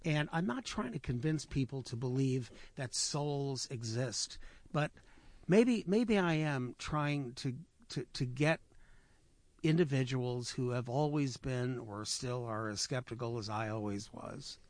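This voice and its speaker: A man telling personal stories on a radio talk show, halting and reflective, with many repeated words. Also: medium pitch, lively intonation, no echo. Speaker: storyteller guest. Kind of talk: radio conversation. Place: radio studio.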